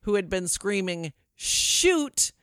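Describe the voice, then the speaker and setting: A woman's voice: lowish voice, normal speed, no echo, studio quality. Wry woman host reading odd news. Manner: wry, deadpan storytelling. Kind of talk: casual podcast chat.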